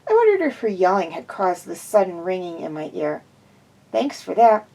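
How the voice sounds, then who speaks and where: A woman reads first-person fan fiction aloud in a lowish, dark voice with huge swings in pitch, moving fairly fast. She's an amateur storybook narrator who often trips up and corrects herself, and the recording is low quality.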